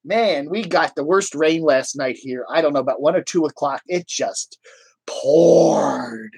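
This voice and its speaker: A man's voice: fairly high pitch, darkish tone, dry recording. A man chatting casually to viewers on a live stream into a webcam mic, rambling with lots of "I don't know, man".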